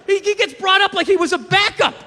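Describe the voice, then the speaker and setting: Stand-up comic, male, very high and bright voice, heard in a reverberant hall. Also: fairly quick, some chatter behind, slight background noise. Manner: profane, rambling, animated rants with acted-out quotes. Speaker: stand-up comedian. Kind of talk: stand-up comedy routine.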